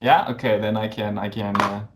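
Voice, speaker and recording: Man, twenties, German accent, musician guest, relaxed jokes, soft chuckles, faint noise. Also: lowish voice, moderate pace. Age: 20s. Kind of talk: casual interview chat.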